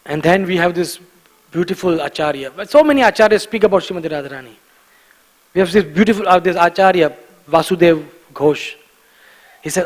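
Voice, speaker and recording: A man giving a devotional morning class in a temple, emphatic and animated, repeating key words for stress and often chuckling. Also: high voice, a little fast, long pauses, in a large hall, poor audio. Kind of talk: devotional lecture. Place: temple hall.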